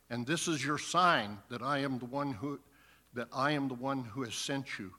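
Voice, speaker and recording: A man's voice: medium pitch, normal speed, pushed and bright. A man preaching a sermon, reading scripture aloud and then earnestly explaining it. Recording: long hall reverb.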